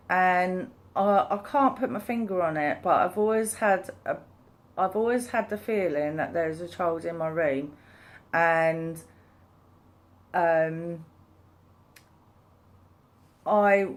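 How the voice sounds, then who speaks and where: Slow, low-voiced woman telling a story. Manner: rambling, hesitant, many fillers and restarts. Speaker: vlogger. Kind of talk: casual storytelling.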